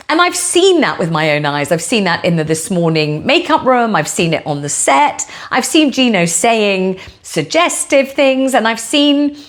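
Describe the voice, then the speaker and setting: A woman host giving her opinion in a monologue, stressing key words and stretching them out. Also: fairly high pitch. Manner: lively storytelling delivery.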